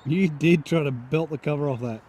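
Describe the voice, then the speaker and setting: A man's voice: fairly high pitch, normal speed, a little mellow, slight background noise. An Australian man bantering and laughing with his golf mates outdoors on a course. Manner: laughing, joking, teasing. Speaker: golfer.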